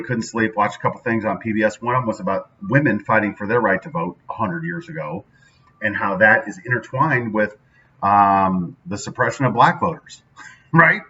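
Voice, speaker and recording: A man hosting his daily show, talking casually and with emphasis about what's on his mind. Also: on the low side. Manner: energetic, conversational, emphatic. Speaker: daily podcast host. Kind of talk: casual solo motivational talk. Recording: dull lo-fi sound from a distance with faint ambience.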